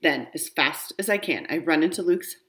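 A woman reading a children's storybook aloud, with a lower voice that swoops up and down expressively. Her delivery is animated and playful. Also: moderate pace. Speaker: reader.

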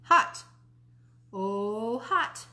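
A small, mischievous boy who cannot stand his baby sister, speaking in a high, whiny, childlike voice from a read-aloud storybook, as a woman reader puts him on. His voice sits well above the reader's own. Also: big pitch swings, normal speed, a bit bright. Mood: playful.

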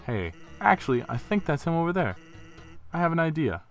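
A man's voice: a little high, big pitch swings, fairly quick, soft background music, voice pushed up. A man voicing a laid-back, joking skeleton from a video game in a casual, easygoing way.

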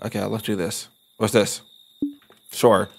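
A man's voice: lowish voice, little pitch movement, unhurried, vocal fry, music in the background. A young man casually commenting while he plays a game, laid-back and self-mocking, often muttering and swearing under his breath. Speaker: streamer playing a game.

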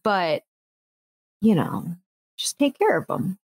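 A woman, telling a story on a podcast with lively acted-out quotes and lots of "like". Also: medium pitch, takes it slowly, slightly rough, no echo. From United States. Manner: animated, acts out quotes, frequent "like" fillers. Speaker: podcast host. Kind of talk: casual storytelling chat.

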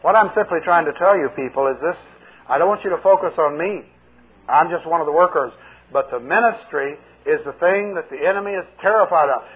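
A man's voice: fairly high pitch, fairly quick, breathy edge. A male pastor preaching in a chatty, joking way and telling stories with acted dialogue, heard on a tinny lo-fi 1980 tape. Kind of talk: sermon with storytelling.

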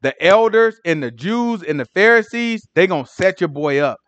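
A man voicing a calm male teacher who explains his coming death in laid-back, matter-of-fact slang. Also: sits high, moderate pace, no echo, highs cut off.

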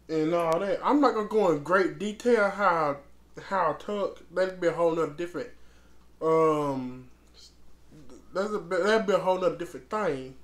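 Slow-talking blunt woman vlogger. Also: on the low side, slight background noise. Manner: blunt and profane, calls the listener girl; rambling with many restarts. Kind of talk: casual storytime vlog.

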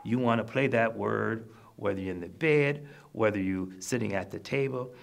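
Guy preaching a sermon, gravelly voice, keeps repeating himself to encourage folks. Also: fairly low pitch, normal speed, background noise. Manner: repetitive, exhorting, explains scripture in plain terms. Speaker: minister.

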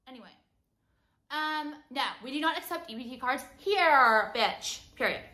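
Brief: young woman vlogger, high voice, bright tone, profane heated rant. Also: animated, normal speed. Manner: profane, heated ranting with frequent "like". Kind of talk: casual rant to camera.

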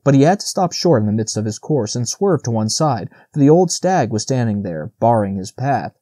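A man narrating a classic children's novel as an audiobook, steady and even. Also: mid-range voice, normal speed, dry recording, clean studio sound. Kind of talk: scripted narration.

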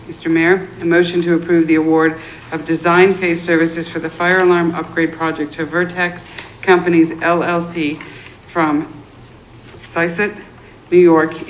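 A woman serving as an alderwoman who reads formal motions aloud in a measured, official way in a city council meeting room. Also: fairly low pitch, slight background noise, low-quality recording. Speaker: alderwoman on the finance committee.

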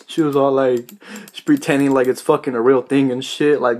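Young man, late teens, casual vlog talk, rambling, swears a lot, mid-pitched voice. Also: moderate pace. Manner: profane, rambling, with lots of "you know" fillers. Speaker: vlogger.

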